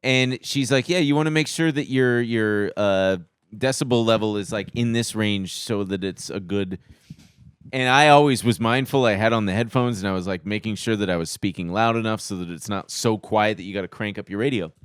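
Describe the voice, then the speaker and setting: A man co-hosting a podcast, telling animated stories in casual chat and mimicking other people's voices. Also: lowish voice, fairly quick, clean tone, no room sound, clean studio sound. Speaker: podcast co-host.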